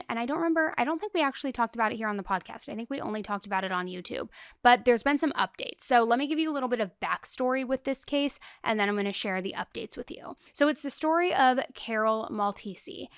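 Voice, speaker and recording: A young woman talks through a true crime case like she is chatting with a friend, emphatic and openly indignant. Her voice is smooth and clean. The sound is dry and close to the mic. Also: a little high, a bit bright, no echo. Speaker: true crime podcast host. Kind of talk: casual true crime commentary.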